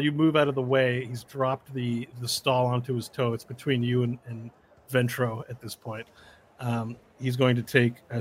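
A man's voice: mid-range voice, a little hiss or hum. A man narrating a tabletop game as game master, laid-back and often laughing.

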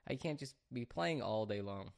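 A man's voice: medium pitch, animated, moderate pace, gravelly. Rambling, chatty man hosting a podcast. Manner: rambling, chatty, restarts and sidetracks. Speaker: podcast host. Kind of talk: casual solo podcast monologue. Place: home studio.

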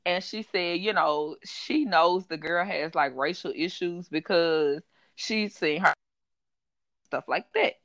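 A woman co-hosting a podcast, telling a story in casual chat with a gossipy, animated manner. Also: on the low side, slow pace, no echo. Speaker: podcast co-host.

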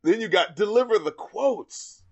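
Brief: male podcast co-host, slightly high, very lively pitch, laughs a lot, mocks lyrics in casual review chat. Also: a little slow. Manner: animated, laughing, mocking quotes.

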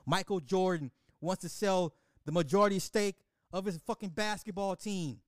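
A man hosting a podcast, ranting about social topics to his audience in a profane, animated way, often repeating and restarting words and laughing at his own points. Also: sits high, normal speed, no echo, studio quality. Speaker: podcast host. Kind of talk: live-stream social commentary rant.

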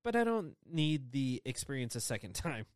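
A man putting on a dry, offhand older male movie star, drawling and deadpan. The podcast recording is close and dry, with no room sound. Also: medium pitch, normal speed, clean tone, no room sound, close to an everyday voice. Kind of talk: celebrity impression in podcast chat.

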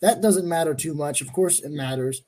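Chill guy co-hosting sports talk, mellow warm voice, lots of ums. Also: a little high, moderate pace. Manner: laid-back, filler-heavy. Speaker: co-host.

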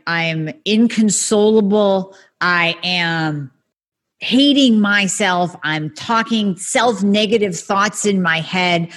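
A woman hosting a health podcast, giving a lively solo talk straight to her listeners, with some mild swearing. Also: lowish voice. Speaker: podcast host, functional medicine practitioner. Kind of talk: podcast monologue.

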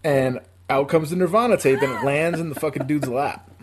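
A man's voice: a little high, a little fast, background noise. A man from upstate New York telling a long story in casual chat, profane and rambling, laughing as he goes.

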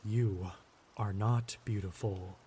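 A man voicing a creature that mimics a young man, speaking slowly in a halting, stammering way. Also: on the low side, steady tone, warm tone, a little hiss or hum. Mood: eerie.

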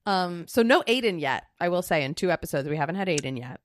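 A young woman co-hosting a podcast in casual chat, animated and giggly, acting out scenes. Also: fairly low pitch, quick pace. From Philadelphia. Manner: giggly, animated, acts out scenes in quoted voices. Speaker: podcast co-host.

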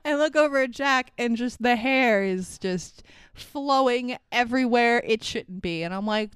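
A woman co-hosting a casual movie review chat, animated and swearing, playing up her confusion and acting out the characters. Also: a little high, measured pace, smooth, no echo. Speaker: podcast co-host.

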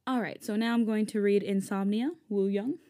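A young woman reads a fan story aloud, playful and quick to giggle, at a medium pitch. Her voice is relaxed and chatty, like a podcast co-host with a friend. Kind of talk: casual fanfiction reading and chat.

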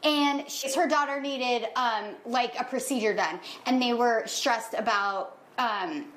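A woman's voice: fairly high pitch, measured pace. A middle-aged woman co-hosting a podcast, joking and acting out quotes as she tells stories. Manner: animated, jokey, acts out quotes. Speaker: podcast co-host. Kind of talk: casual chat. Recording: roomy echo with faint noise.

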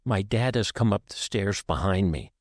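A man's voice: lowish voice, animated, normal speed, no room sound, studio quality. A man from the American Southwest, an author guest on an interview show, recounting a painful personal story in short, vivid present-tense sentences.

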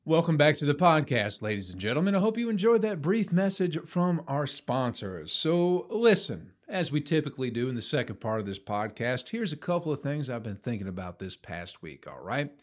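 A man's voice: a little high, big pitch swings, normal speed, hardly any pauses. Foul-mouthed ranting podcast host man. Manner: profane, ranting. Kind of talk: casual comedic rant.

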